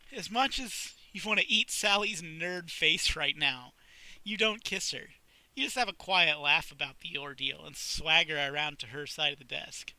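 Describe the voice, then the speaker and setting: A man reads an interactive story aloud, dropping wry, amused asides along the way. His voice is fairly high and strikingly bright, sharp and forward. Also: moderate pace, no echo, low-quality recording. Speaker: reader.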